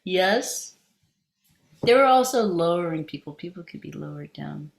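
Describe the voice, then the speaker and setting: A woman's voice: on the low side, lively intonation, unhurried, vocal fry. A woman meditation teacher giving a dharma talk, telling a personal story in a conversational, meandering way with frequent restarts.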